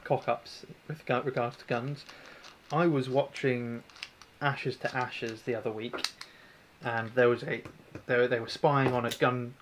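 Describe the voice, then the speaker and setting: A man's voice: medium pitch, steady tone, measured pace, background noise. A man hosting a casual livestream, chatting and rambling while he services an airsoft gun and answers viewers. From New Zealand. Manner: rambling, chatty, self-deprecating, answers chat. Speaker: airsoft tech livestream host.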